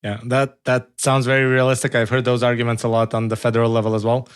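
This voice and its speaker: Measured male podcast host. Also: medium pitch, flat delivery, clean tone. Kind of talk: casual interview talk.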